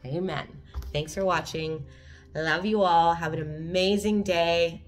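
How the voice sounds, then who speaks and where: A woman with a fairly low voice shares a daily meditation in an earnest, gently encouraging way. She sounds emotional, close to tears at times. Soft music plays faintly behind her. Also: steady tone, slow. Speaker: host of a daily reflection video. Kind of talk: reading and reflecting on a daily meditation.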